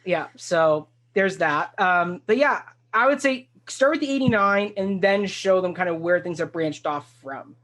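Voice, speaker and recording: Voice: mid-range voice, unhurried, hardly any pauses, a bit bright. Host gushing about a musical, rambly, keeps restarting sentences, medium voice. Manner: enthusiastic, rambling and full of restarts. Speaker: talk show host. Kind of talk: casual discussion of a stage musical.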